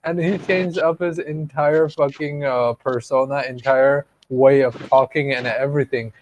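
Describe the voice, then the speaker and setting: A man's voice: medium pitch, fairly even intonation, unhurried, muffled recording, a little hiss or hum. A man co-hosting a podcast, rambling in casual chat, swearing freely and laughing often. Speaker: podcast co-host.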